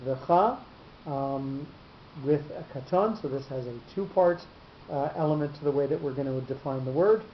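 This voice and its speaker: A man teaching a class on reading marks. He pauses a lot and stumbles over repeated words. The room is echoey, and the recording sounds muffled under a faint hiss. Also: a little high. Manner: halting, many fillers and repeated words. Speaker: Torah teacher. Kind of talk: explaining cantillation marks in a class.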